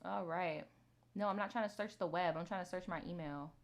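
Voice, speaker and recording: A woman's voice: fairly low pitch, a little fast. A woman hosting a storytime video, reading viewer stories aloud and chatting bluntly to her viewers, with plenty of swearing. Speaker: storytime host.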